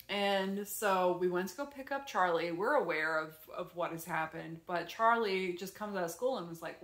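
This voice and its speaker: A woman vlogger casually retelling her day at home, rambling and animated with lots of fillers. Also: fairly low pitch, measured pace, hardly any pauses. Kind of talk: casual storytelling vlog. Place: her apartment. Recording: echoey room.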